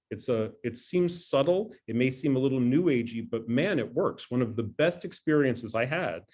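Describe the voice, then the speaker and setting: A man's voice: medium pitch, animated, normal speed, few pauses, darkish tone. Earnest middle-aged man giving a talk. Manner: conversational, earnest, self-deprecating. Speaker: scientist giving an alumni talk. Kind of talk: presentation talk. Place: home dining room.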